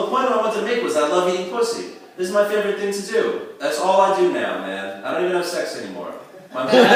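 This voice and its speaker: A man in his thirties doing a stand-up set at a comedy club, rambling and crude, with halting fillers and self-mocking asides. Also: sits high, far from the mic. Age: 30s. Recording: echoey room heard from afar.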